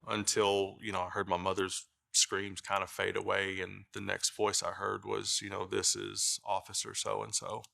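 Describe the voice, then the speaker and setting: A middle-aged man giving a halting documentary interview, with many fillers and restarts. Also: sits low, completely flat delivery, gravelly, bright, forceful tone. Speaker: brother of the deceased.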